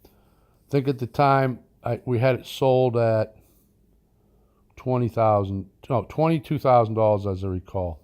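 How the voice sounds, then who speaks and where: A man's voice: mid-range voice, unhurried, a little mellow. A man with a mid-range voice tells a business anecdote from his early investing days. His delivery is folksy and rambling, with asides, restarts and fillers along the way. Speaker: land investing teacher. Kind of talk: anecdotal storytelling.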